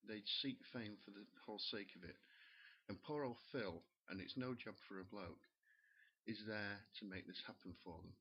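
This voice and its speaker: Husky, sneering British comic. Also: male voice, on the low side, brisk. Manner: sneering, exasperated, swears freely. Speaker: stand-up comedian. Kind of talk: profane comic rant. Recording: muffled lo-fi recording.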